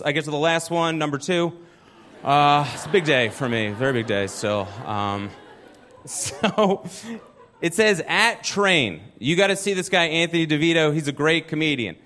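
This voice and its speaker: A man's voice: on the high side, fairly bright tone. A young adult man doing a stand-up comedy set at a live venue, telling a chatty, self-deprecating story.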